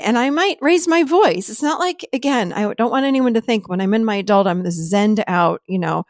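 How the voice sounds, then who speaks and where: A woman's voice: a little high, expressive, moderate pace, dry recording, clean studio sound. A woman hosting a podcast, explaining in a casual, conversational teaching way and often acting out quoted dialogue with animation. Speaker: podcast host and therapist.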